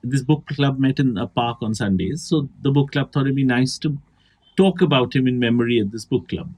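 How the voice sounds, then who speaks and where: A man's voice: mid-range voice, brisk. A man hosting a comedy podcast, telling long, rambling anecdotes in casual chat. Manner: animated, rambling anecdotal storytelling. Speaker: podcast host.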